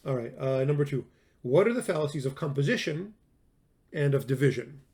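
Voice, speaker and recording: A man's voice: medium pitch, lively intonation, brisk, darkish tone, breathy edge. A man giving a recorded classroom lecture on logic, talking in a conversational way, stressing words for emphasis and often restarting his sentences.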